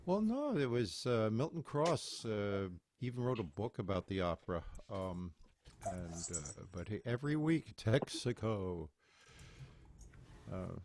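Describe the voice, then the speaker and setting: A man's voice: fairly low pitch, darkish tone, slight background noise. A man, a cantor, chatting jokily and rambling before leading a virtual chapel service over a computer microphone. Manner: jokey, rambling, self-mocking. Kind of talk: casual chat, then leading a service. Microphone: computer microphone on a video call.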